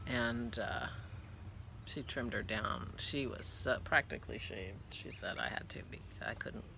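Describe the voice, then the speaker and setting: A woman's voice: a bass voice, a little slow, gravelly, background noise. A woman hosting a casual vlog, chatting in a rambling, easygoing way and cooing at her dog now and then. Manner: rambling and chatty, trailing off and restarting; coos affectionately to her dog. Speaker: podcast host. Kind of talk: casual chat.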